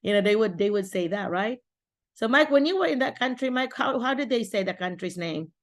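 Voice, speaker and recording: A woman's voice: on the high side, animated, a little fast. A middle-aged woman from the Philippines hosting an online support session, giving casual advice over a video call with many restarts and fillers.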